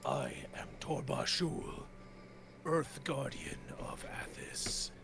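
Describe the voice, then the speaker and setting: A man voicing a solemn, ancient stone earth guardian in a slow, breathy, half-whispered voice, over a noisy home mic. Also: a little high, sing-song, full character voice. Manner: slow, grave.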